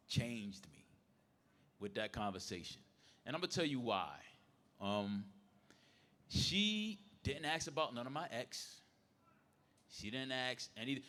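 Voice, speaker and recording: Man, 50s, panel guest, lively storyteller who acts out quotes. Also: mid-range voice. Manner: animated, acts out quoted voices. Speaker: podcast panelist. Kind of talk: casual storytelling. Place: live event space.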